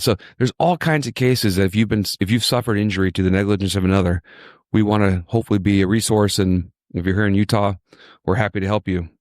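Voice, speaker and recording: A man's voice: low-pitched, no room sound, clean studio sound. A man from Virginia, a podcast host, chatting casually and telling stories with enthusiasm and plenty of repetition. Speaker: injury lawyer, podcast host.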